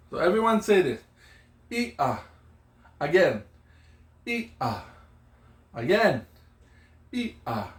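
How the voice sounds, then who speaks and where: A middle-aged man teaching children Hawaiian pronunciation, patiently repeating each word and checking in with "okay?" and "yeah?". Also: on the high side. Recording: echoey room.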